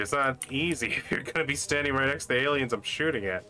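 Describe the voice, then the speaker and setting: A man's voice: medium pitch, quick pace, sharp tone. A man commenting playfully on his own play of a shooter game, joking and talking to himself as he goes. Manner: playful, jokey, talking to himself while playing. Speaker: gaming channel host. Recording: game music playing behind.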